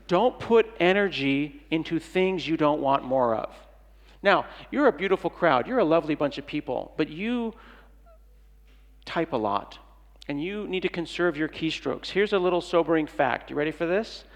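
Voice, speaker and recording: A middle-aged conference speaker gives a playful, jokey keynote, performing short dialogues for the crowd. He talks at normal speed with a fairly high, animated voice, and the big hall adds a long reverb.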